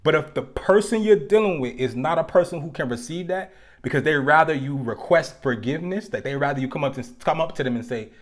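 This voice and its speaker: A man's voice: a little high, expressive. Laid-back man chatting to live viewers. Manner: loose and conversational, slang, joking asides to the chat; slows down to stress key points. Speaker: host of a live relationship talk show. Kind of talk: casual live-stream talk to viewers.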